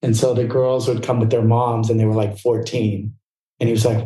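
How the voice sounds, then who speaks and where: A man's voice: mid-range voice, level tone, normal speed, mellow, reverberant, rough recording. A middle-aged man from Southern California, telling his story as a podcast guest in a candid, rambling way. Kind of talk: casual storytelling interview.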